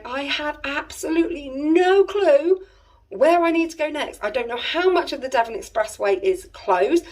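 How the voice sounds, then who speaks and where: English woman in her thirties, family vlogger, chatty and rambling, breathy tone, sits a bit back from the mic. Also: a little high. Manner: chatty, rambling, exasperated asides. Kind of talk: casual storytelling to camera. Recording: voice a little distant from the mic.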